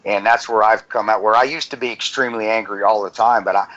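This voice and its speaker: A man co-hosting a podcast, talking earnestly with many halting restarts, on dull lo-fi audio. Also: fairly low pitch, steady tone, a bit bright. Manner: halting, repeats words, earnest. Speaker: podcast co-host. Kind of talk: casual conversation.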